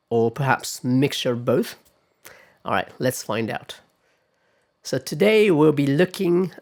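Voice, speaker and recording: Man lecturing, pausing on okay. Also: medium pitch. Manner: measured, often pausing with "okay" and "all right"; models sample words aloud. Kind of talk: classroom lecture on pronunciation.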